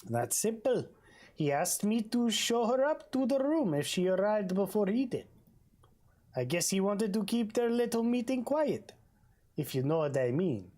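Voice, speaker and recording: A let's-play gamer voicing a meddling male hotel clerk in a high, squeaky put-on accent. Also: lively intonation, takes it slowly, darkish tone. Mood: secretive.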